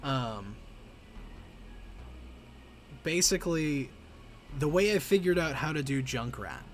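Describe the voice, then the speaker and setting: A man's voice: on the high side, lively intonation, takes it slowly, a little hiss or hum. A man chatting casually on a live stream, chatty and self-deprecating, breaking into laughs.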